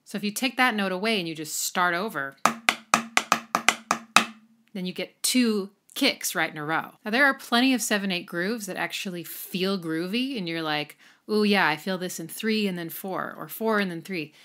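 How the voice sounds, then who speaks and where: Lively woman explaining music theory. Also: lowish voice, normal speed. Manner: lively, counts beats aloud and sings snippets. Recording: music playing behind the voice.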